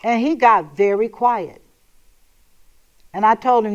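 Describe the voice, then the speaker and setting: A woman's voice: on the high side, slow, lo-fi sound. A woman hosting a talk show, speaking in an emphatic, sassy and sometimes sarcastic monologue. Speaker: host.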